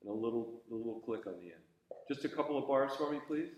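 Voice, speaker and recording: A man's voice: medium pitch, expressive, quick pace. Patient man coaching in an echoey room. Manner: patient, encouraging, thinks aloud with fillers and restarts. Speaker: conducting teacher. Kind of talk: coaching a student in a class.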